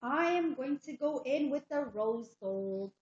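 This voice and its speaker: A woman with a fairly high voice gushes about makeup on a casual livestream. She repeats her praise again and again. The room is echoey and the sound is dull. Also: animated, unhurried, a little mellow. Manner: enthusiastic, gushing, repeats herself. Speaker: livestream co-host.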